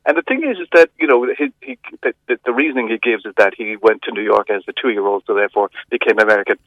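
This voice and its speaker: A middle-aged man reviewing a film over the phone, chatty and hesitant, with many restarts and lively emphasis. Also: lowish voice, fast, dry recording. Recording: dull phone line.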